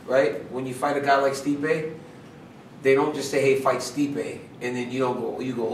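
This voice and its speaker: A man, a fighter fielding press questions, tells his story with lively energy, acting out the voices of the people in it and laughing along the way. His voice is picked up from a little distance in a roomy space, with faint ambient noise behind him. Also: medium pitch, moderate pace. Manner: animated, laughing, acts out quotes. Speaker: fighter being interviewed. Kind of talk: casual storytelling in a media scrum.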